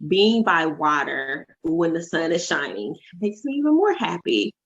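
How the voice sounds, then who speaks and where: Husky, lively woman hosting a podcast. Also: low-pitched, unhurried. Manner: warm, effusive storytelling with many fillers. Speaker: podcast host and life coach. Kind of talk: casual podcast chat. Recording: dull lo-fi remote audio.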